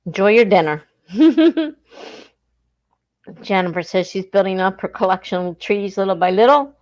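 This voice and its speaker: A woman's voice: mid-range voice, lively intonation, moderate pace, a little mellow, lo-fi sound. A woman from southern New Jersey with a South Jersey accent, hosting a casual livestream, chatting and reading viewer comments aloud, laughing often. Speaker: livestream host.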